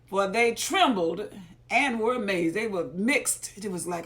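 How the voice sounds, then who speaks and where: A woman with a gravelly edge and a mid-range voice reads scripture aloud. She breaks off between verses to retell the passage in plain everyday talk, with casual, folksy asides. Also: medium pitch, unhurried, a bit bright. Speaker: Bible reader and teacher. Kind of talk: scripture reading with casual commentary.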